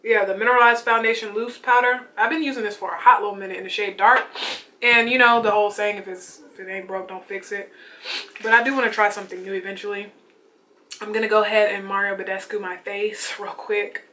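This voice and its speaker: A young woman chatting casually and excitedly about her makeup while she gets ready at home, full of slangy asides. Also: medium pitch, brisk. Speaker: beauty vlogger. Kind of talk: casual get-ready-with-me chat.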